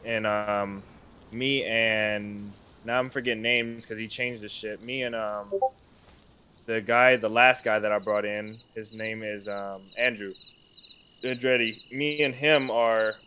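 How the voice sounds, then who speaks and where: Bright-voiced man telling a story. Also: mid-range voice, slight background noise. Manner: animated storytelling, heavy swearing. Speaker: gamer recording his play. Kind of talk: casual chat over team voice call.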